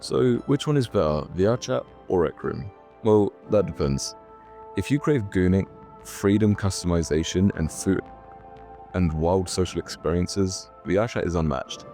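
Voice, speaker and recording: A man's voice: deep voice, lively intonation, normal speed, dark tone, soft background music. A man hosting his own video, reading a scripted commentary with sarcastic, mock-serious asides. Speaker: YouTube host.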